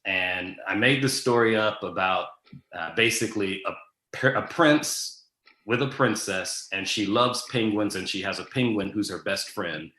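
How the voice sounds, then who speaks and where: A man's voice: fairly low pitch, measured pace, sharp tone. Easygoing man in an echoey room. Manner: easygoing, many ums and restarts. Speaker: guest. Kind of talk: casual interview answers.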